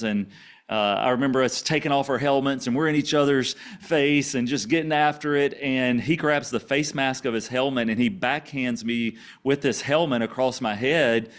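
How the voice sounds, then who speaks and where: A man from Louisiana with a country Cajun accent mixed with Texas twang, telling his life story as a podcast guest in a relaxed, rambling way with many fillers. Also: medium pitch. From Louisiana, USA. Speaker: guest, author and coach. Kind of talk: storytelling interview.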